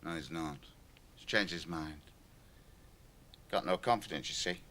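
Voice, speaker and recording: A man's voice: very deep voice, unhurried, bright, forceful tone, slight background noise, heavily acted. An actor playing a cynical, middle-aged male stand-up comedian who talks in a chatty, lecturing way in a radio play. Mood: needling. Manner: chatty, lecturing, shifts into a club comedy routine. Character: aging male stand-up comic, cynical and wheedling.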